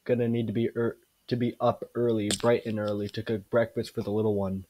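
A man's voice: on the low side, level tone, brisk, mellow, slight background noise, pitched below the performer's own voice, close to an everyday voice. A man reading the lines of a tired, worried mother in a folksy way, with a mild attempt at a southern voice.

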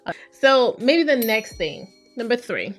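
A woman's voice: on the high side, big pitch swings, unhurried, faint music behind. A woman, hosting a casual solo podcast as a therapist and talking candidly and playfully. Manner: candid, playful, acts out quoted voices.

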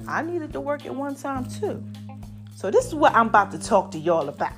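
A woman hosting her own podcast, talking in an animated, drawn-out style full of "baby" and "y'all", her voice a little strained from allergies. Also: sits high, soft background music. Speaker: podcast host. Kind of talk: solo podcast talk.

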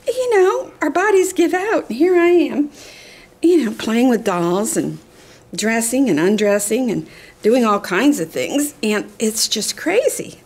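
A woman's voice: fairly high pitch, lively intonation, unhurried, a little mellow, slightly rough. An older woman chatting casually to the camera, rambling and doting, often dropping to a whisper. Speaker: reborn doll collector vlogger.

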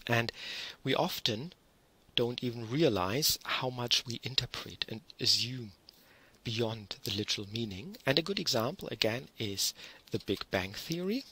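A man giving an online university lecture, explaining in a measured way with frequent ums and restarts. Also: mid-range voice, lively intonation, bright, forceful tone, slightly rough, rough recording.

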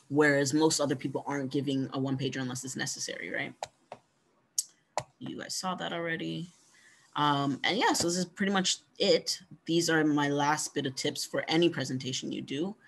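A man giving a conversational workshop talk on pitching, coaching and encouraging, often ending points with "right?". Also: a bit bright. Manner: conversational, frequent "right?" tag questions. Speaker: workshop presenter.

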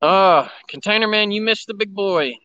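Here a railfan livestreamer talks at normal speed in a high-pitched, pushed, bright voice, the audio dull. He's streaming from a cell phone by the tracks, chatting casually and greeting viewers by name over background noise and running engines.

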